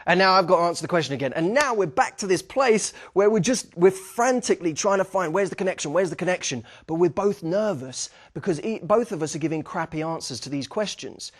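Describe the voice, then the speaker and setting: A man's voice: sits high, fairly quick, hardly any pauses. A young man giving a dating lesson, talking with energy and acting out bits of sample dialogue. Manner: energetic, acts out sample dialogue, frequent "okay?" check-ins. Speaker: dating coach. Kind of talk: instructional talk to camera.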